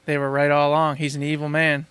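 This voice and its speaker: A man co-hosting a casual gaming podcast, excitable and speculating with lots of laughs. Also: fairly high pitch, fast talker, clean tone, no echo. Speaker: podcast co-host.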